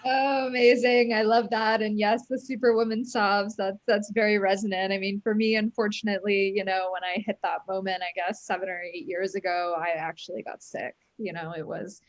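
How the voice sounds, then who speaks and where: A woman's voice: mid-range voice, level tone, normal speed, hardly any pauses, dry recording. A woman hosts a podcast interview, affirming and earnest as she relates her guest's story to her own. Her voice sits in the middle range, and the recording is dry with no room sound. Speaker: podcast host. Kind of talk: casual interview chat.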